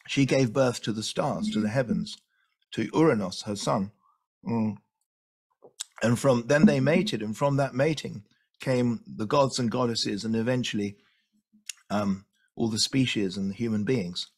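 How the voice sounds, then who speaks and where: Man, lecturer, enthusiastic, repeats words for emphasis, gravelly voice, mid pitch. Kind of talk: illustrated lecture.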